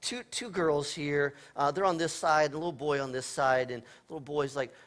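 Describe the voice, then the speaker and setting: A man's voice: a little high, moderate pace, few pauses. A man preaching a sermon as pastor, telling everyday stories in a conversational way with playful humor. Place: church sanctuary.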